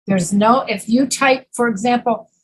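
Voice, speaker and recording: A woman teaching an English pronunciation class, patiently repeating words slowly to demonstrate sounds. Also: on the high side, a little hiss or hum, rough recording. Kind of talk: online pronunciation lesson.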